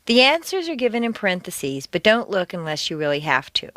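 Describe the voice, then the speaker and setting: Woman teaching with lively exaggerated stress. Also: mid-range voice, no echo. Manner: deliberate, exaggerated word stress. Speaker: pronunciation teacher. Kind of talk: scripted audio course instruction.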